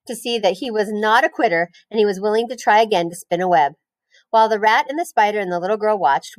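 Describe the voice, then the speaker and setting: A woman, a teacher, reading a children's novel aloud in a clear, expressive storytelling voice. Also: medium pitch, dry recording.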